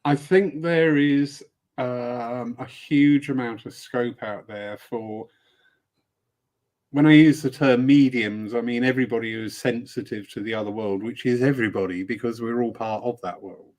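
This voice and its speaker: A man's voice: mid-range voice, fairly even intonation, normal speed, darkish tone. A man hosting a casual live-stream chat, a spiritualist service leader who talks in a rambling way with playful asides. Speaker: host.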